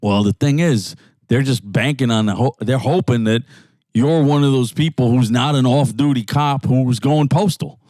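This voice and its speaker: A man's voice: medium pitch, normal speed, dry recording. A man with a New York accent co-hosting a casual car podcast, swearing and acting out angry people in raised voices. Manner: loud, swearing, acts out rants in raised voices. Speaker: podcast co-host. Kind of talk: casual profane banter in a car. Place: inside a jeep.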